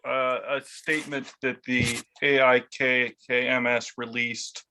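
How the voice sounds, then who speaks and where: A man's voice: medium pitch, level tone, unhurried, bright, forceful tone, low-quality recording. Guy asking a question on a call, lots of ums, faint background noise. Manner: hesitant, many fillers. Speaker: audience member.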